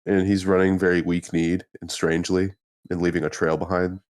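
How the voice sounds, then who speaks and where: A man co-hosting a comedy podcast, teasing his friends with crude deadpan banter and steering the questions. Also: sits low, brisk. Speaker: podcast co-host.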